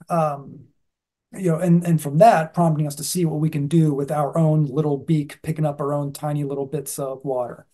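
Mellow-voiced man giving a folksy Zen talk. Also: fairly high pitch. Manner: folksy, halting with many fillers. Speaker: Zen dharma teacher. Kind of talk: casual dharma talk.

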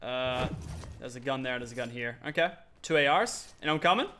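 Young aussie guy hyped up commentating his game, bright edgy voice, bit of hiss behind. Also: medium pitch. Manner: excitable, quick reactions, playful trash talk. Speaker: gaming YouTuber. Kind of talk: gameplay commentary.

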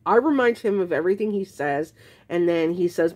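A woman's voice: fairly low pitch, expressive, normal speed, darkish tone. A woman vlogging to camera, frankly telling her own story in a casual, exasperated way, rambling with restarts.

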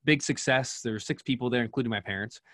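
A man's voice: mid-range voice, quick pace, fairly bright tone, no room sound, clean studio sound. A middle-aged man telling an earnest story as a podcast guest, with many restarts. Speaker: podcast guest, speaker and coach. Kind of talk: storytelling in interview.

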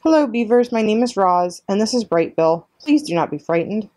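Polite formal robot mom from a storybook, read by a woman, gentle and exact. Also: medium pitch, lively intonation, normal speed, voice pushed up, natural voice. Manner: precise, polite, formal speech. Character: gentle calm female robot, adoptive mother.

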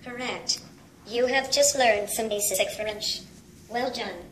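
A female synthetic voice as a slow, polite robot language tutor. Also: fairly high pitch. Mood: patient. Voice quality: flat, evenly paced robotic speech. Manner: repeats the same set phrases. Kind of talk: synthesized speech. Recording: echoey room with faint noise.

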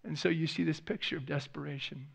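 Earnest male pastor with a gravelly voice. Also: fairly high pitch, fairly even intonation, fast talker, fairly bright tone. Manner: earnest, repeats words while acting out heartfelt prayers. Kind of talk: sermon. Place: church sanctuary.

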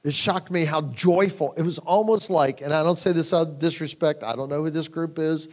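A man preaching at a conference, slightly higher-pitched than most men, speaking in a loose, storytelling way. He moves between lively, raised passages and hushed, low asides when he quotes himself. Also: fairly quick. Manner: storytelling, conversational, animated; drops to hushed tones for quoted moments. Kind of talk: sermon. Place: conference hall.

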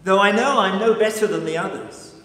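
A man's voice: high voice, brisk. A man preaching in a church, acting out Peter the fisherman, frightened and ashamed, blurting denials. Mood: hesitant. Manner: panicked denials, rising to shouts. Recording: echoey church with long reverb.

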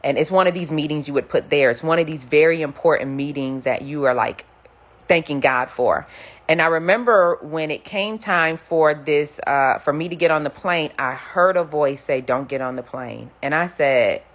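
A middle-aged woman preacher giving an animated testimony, acting out the voices she quotes. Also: low-pitched. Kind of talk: sermon-style storytelling.

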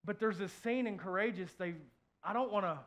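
A pastor preaching a heartfelt sermon in church, sharing a personal story, repeating phrases and swinging from soft to loud. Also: male voice, high-pitched, fairly quick. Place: church, before a congregation.

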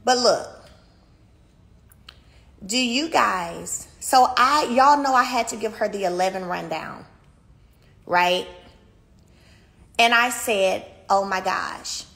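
A woman telling a chatty, animated story to her viewers from a beauty salon, filmed on a handheld phone. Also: medium pitch, slow pace, creaky, long pauses. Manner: animated, addresses viewers as y'all, swings loud and soft. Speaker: vlogger. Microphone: phone camera held by speaker. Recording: echoey room with faint ambience.

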